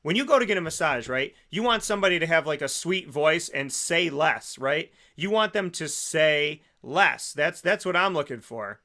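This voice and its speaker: A man hosting a radio show, telling a comic story in a lively way and acting out the people in it. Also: on the high side, normal speed, few pauses. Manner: animated, acts out quotes in other voices. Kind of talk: comedic storytelling monologue.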